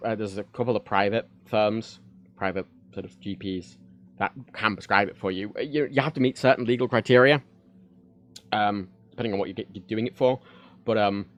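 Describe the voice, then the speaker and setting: A man's voice: lowish voice, normal speed, a bit bright. A man chatting frankly on a home livestream, rambling with many fillers and restarts. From United Kingdom. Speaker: streamer. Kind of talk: casual livestream chat. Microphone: desk microphone.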